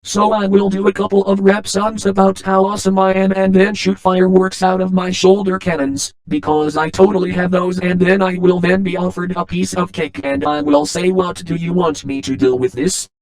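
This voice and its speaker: A man voicing a boastful, crude male robot monster, telling a deadpan comedic monologue. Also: high-pitched, moderate pace, vocal fry, few pauses, clear, resonant tone, poor audio.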